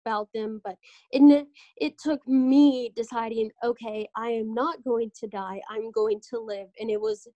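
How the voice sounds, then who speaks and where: A young woman hosting a casual podcast chat, telling animated stories and acting out what doctors said to her. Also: a little high, a little slow, no echo, dull audio. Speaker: podcast host.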